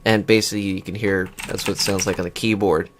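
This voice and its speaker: A man's voice: low voice, flat delivery, fast talker, background noise. A man hosting a gaming channel, casually reviewing his new USB desk microphone in his computer room, rambling and restarting sentences as he switches settings. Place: home computer room with whirring fans. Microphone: USB desk microphone, switching pickup patterns.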